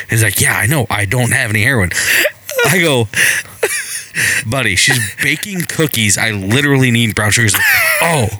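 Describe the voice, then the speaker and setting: A man's voice: medium pitch, lively intonation, fairly quick, pushed and bright. A man co-hosting a casual podcast chat, laughing often while he tells anecdotes. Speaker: podcast co-host.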